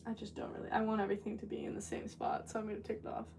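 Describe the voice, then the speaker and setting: A woman's voice: medium pitch, level tone, rapid-fire. A woman ceramic artist chatting casually with her livestream viewers while she works in her studio, scattered and talkative. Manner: chatty, scattered, talks to chat while working. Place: pottery studio. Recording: distant mic with clear background noise.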